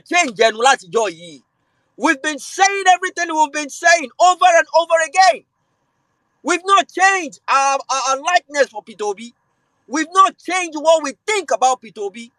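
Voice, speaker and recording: Heated Nigerian man with a bright voice. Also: very high voice, moderate pace, no echo, rough recording. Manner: switches between calm and loud, heated delivery. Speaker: show host. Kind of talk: impassioned political rant.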